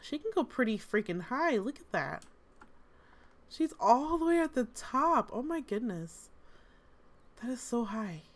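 A woman's voice: a little high, big pitch swings, unhurried, pauses often. A woman host giving casual, amused gameplay commentary, chatty with lots of fillers. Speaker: gaming channel host.

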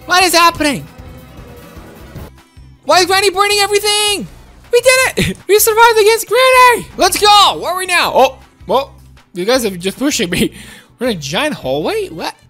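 A woman giving excitable, childlike gameplay commentary while speaking as her game character. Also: sits high, normal speed, long pauses, faint music behind. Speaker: game streamer.

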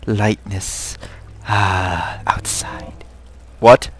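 A young man giving live commentary on a horror game, muttering to himself and breaking into high, panicked shrieks. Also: a little slow, long pauses, dry recording. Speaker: gaming video host.

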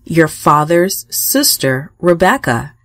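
A woman voicing a polite young man far from home, speaking gently and courteously in a children's storybook. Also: sits low, sing-song, slow pace, no echo, studio quality, full character voice.

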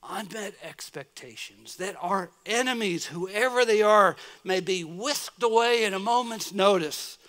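A middle-aged American man giving a sermon as guest preacher, telling a story and swinging from soft murmurs to loud exclamations. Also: sits high, takes it slowly, few pauses. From United States. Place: church.

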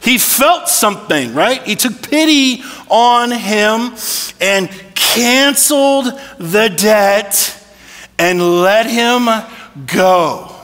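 A man's voice: high-pitched, expressive, extremely slow, a bit bright, in a large hall. A man preaching a sermon as pastor, talking conversationally and asking rhetorical questions. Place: church sanctuary.

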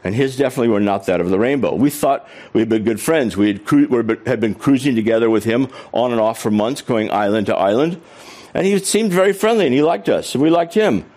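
A man's voice: medium pitch, lively intonation, a little fast, a little mellow. A middle-aged man giving a humorous storytelling keynote talk on stage. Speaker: keynote speaker.

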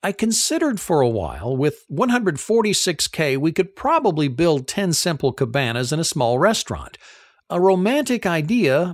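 A man narrating a first-person story as an audiobook reader, with an expressive delivery. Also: on the high side, no echo, studio quality.

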